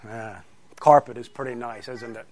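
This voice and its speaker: A middle-aged male pastor gives a children's sermon, telling a story and asking the kids questions along the way. His voice is mid-range and steady, at a normal speed.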